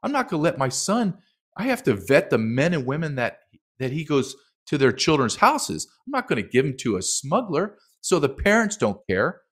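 A man's voice: fairly high pitch, very animated, moderate pace, fairly bright tone. A middle-aged man speaking as a documentary filmmaker guest in a heated interview, emphatic and impassioned, acting out quotes.

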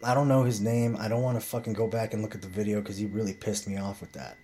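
A man's voice: fairly low pitch, little pitch movement, fast talker, mellow, slight background noise. Blunt, profane man telling a story. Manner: profane, blunt, rambling with restarts. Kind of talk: casual storytelling monologue.

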